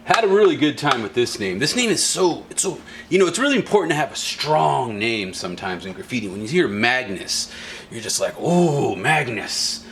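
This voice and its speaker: A laid-back man talks through a casual demo video with slang and jokes. His pitch sits mid-range. Clear background noise fills the warehouse around him. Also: big pitch swings, fairly quick. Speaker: art supply shop demonstrator.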